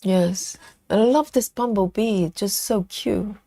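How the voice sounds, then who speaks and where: A woman hosting a live cross-stitch stream chats away, reading comments aloud and answering viewers as she stitches and eats chocolate. She speaks unhurriedly at a medium pitch, with a warm tone and vocal fry, and there's no echo.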